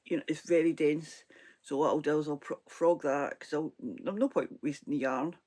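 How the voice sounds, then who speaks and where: A woman with a Scottish accent, her throat hoarse and froggy, chatting casually and rambling about her crochet, with frequent laughs. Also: low-pitched, fairly even intonation, moderate pace, mellow. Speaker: crochet vlogger. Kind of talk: casual crafting chat.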